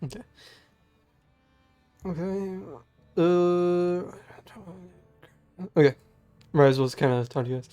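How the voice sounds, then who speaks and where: Young game master, fairly high voice, loose and joking at his own expense; faint music underneath. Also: takes it slowly, long pauses, warm tone, clear, resonant tone, dry recording. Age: young adult. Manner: laughs often, self-deprecating. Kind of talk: casual chat running a tabletop game.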